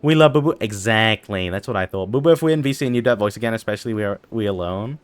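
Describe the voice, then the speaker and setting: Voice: medium pitch, lively intonation, fast, no echo. Tired streamer joking with chat, bouncy voice, dry close mic. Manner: playful, reads chat aloud, teasing back. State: tired after a long stream. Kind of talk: casual live-stream chat while gaming.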